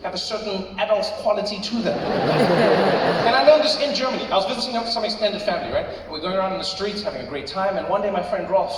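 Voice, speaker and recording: A man's voice: sits high, fast talker, background noise. A man with a South African accent doing a stand-up set, telling a story and acting out the voices of people in it. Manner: storytelling, acts out voices, shouts punchlines. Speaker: stand-up comedian. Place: large arena on stage. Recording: echoey arena from far off, crowd laughter.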